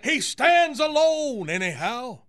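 A man doing a slow, lilting offbeat poet. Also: very high voice, big pitch swings, fairly bright tone, full character voice. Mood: dreamy. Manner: slow, lilting poetry recitation. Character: rambling offbeat male beat poet. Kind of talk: radio comedy poetry bit. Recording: music bed behind the voice.

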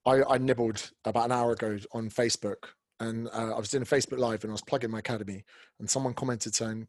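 A man hosting a casual podcast chat, blunt and animated, swearing freely as he talks about his work. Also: mid-range voice, quick pace, dry recording. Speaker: podcast host, fitness coach and author.

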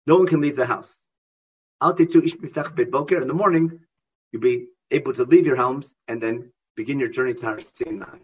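A man's voice: mid-range voice, fairly quick, slightly rough, lo-fi sound. A man teaching a Bible class who reads out Hebrew verses and then explains them with emphasis. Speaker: Torah teacher.

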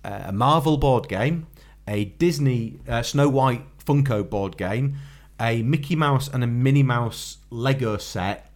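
A man co-hosting a podcast, chatting casually and plugging the show's extras. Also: mid-range voice. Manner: relaxed, chatty, nervous about doing accents. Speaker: podcast co-host. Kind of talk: casual chat.

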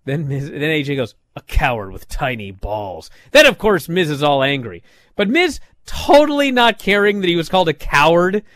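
Exasperated high-voiced man recapping. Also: animated, normal speed, fairly bright tone, no echo. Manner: exasperated, sarcastic. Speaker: wrestling show reviewer. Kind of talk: casual recap commentary.

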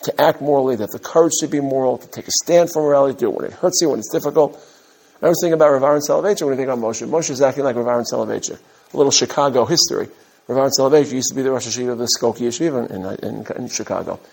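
A man, from Brooklyn, giving an animated mussar talk to his students as a rabbi, with emphatic rises and humorous asides. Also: medium pitch, rapid-fire, vocal fry, slightly rough. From Brooklyn, USA. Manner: direct address to his students.

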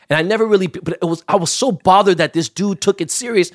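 A man's voice: sits high, quick pace. A man from Los Angeles telling wild, profanity-laced anecdotes in casual chat, acting out the people he quotes. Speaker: guest.

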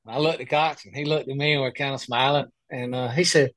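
A man's voice: mid-range voice, moderate pace, no echo. A man, a professional golfer telling casual stories as a podcast guest and acting out the people in them. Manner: animated storyteller, voices other people in his anecdotes. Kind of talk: casual storytelling.

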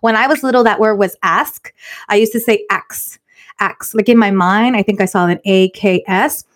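A woman co-hosting a podcast in casual chat, talking fast in an earnest way. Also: mid-range voice. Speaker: podcast co-host.

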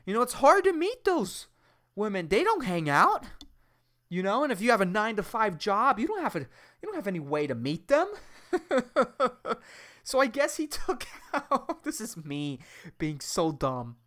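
A woman's voice: mid-range voice, big pitch swings, unhurried, fairly bright tone. A woman hosting a comedy podcast, rambling with crude slang and frequent laughter. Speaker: podcast host. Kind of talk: casual comedic monologue.

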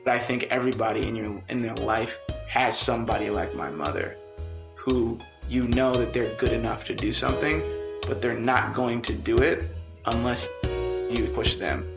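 A man telling a personal story, lively and quoting the people in it. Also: medium pitch, normal speed, gravelly. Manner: lively, quotes people in dialogue. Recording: roomy echo with faint music.

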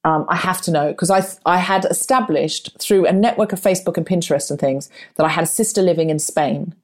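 A middle-aged woman telling a personal story in casual chat, acting out voices with big jumps in pitch. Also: fairly quick. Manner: animated, acts out her own and others' lines with big rises in pitch.

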